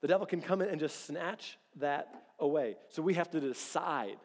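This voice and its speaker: A pastor in his thirties preaching a sermon in a casual, animated way, acting out little quoted exchanges. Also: fairly high pitch, moderate pace. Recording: long reverb of a large hall.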